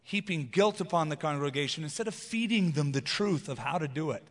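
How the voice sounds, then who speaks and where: A man preaching an expository sermon as pastor, earnest and emphatic, slowing down to read scripture. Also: a little high, lively intonation, fairly bright tone, in a large hall.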